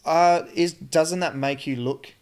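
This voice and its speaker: A man's voice: a little high, fairly even intonation, slow pace, a crowd in the background. A man co-hosting a podcast, chatting casually in a rambling, swearing way. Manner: rambling, swearing, filler-heavy. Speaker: podcast co-host.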